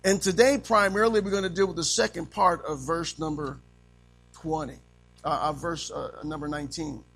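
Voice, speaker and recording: A male preacher delivering a lively sermon, calling for amens from the congregation. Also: a little high, moderate pace, gravelly, rough recording. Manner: call-and-response, animated, frequent amens.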